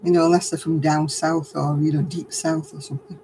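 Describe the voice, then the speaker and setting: A broad Lancashire accent comes through as this woman from Lancashire, England, crochets and casually answers viewer comments on a craft stream. Her low voice is warm and level, a little fast, in a low-quality recording with slight background noise.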